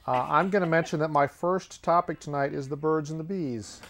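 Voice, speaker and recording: A man's voice: on the high side, normal speed, a bit bright. Offhand rambling comic host, a man. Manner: rambling, chuckles at own jokes; offhand, sardonic asides. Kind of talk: comedic monologue.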